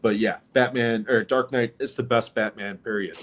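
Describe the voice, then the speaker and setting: A man's voice: medium pitch, fairly even intonation, normal speed, a bit bright. A man co-hosting a casual movie podcast, giving blunt opinions and swearing freely. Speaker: co-host.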